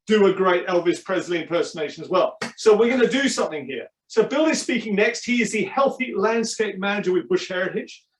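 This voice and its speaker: A man's voice: high voice, distant mic. A man hosting a webinar, playful and encouraging the audience. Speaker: webinar host. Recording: echoey room, off-mic.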